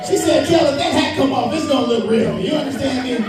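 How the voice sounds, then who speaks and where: A man from Chicago, a panel guest actor, telling stories at a comic con Q&A, animated and laughing, with loud shout-outs. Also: extremely high pitch, fast, over loud music, a loud crowd. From Chicago, United States. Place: large convention hall. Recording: echoey hall, taped from far off.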